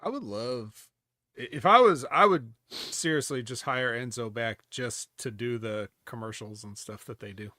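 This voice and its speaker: A man's voice: mid-range voice, moderate pace, pushed and bright, dry recording, studio quality. A man co-hosting a casual wrestling review podcast in a laid-back, wry way. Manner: laid-back, wry, recalls old matches. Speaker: podcast co-host.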